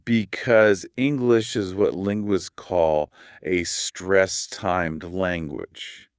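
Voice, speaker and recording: A man hosting a podcast, explaining English pronunciation in a calm, measured scripted teaching dialogue. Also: sits low, clean tone, no room sound, clean studio sound.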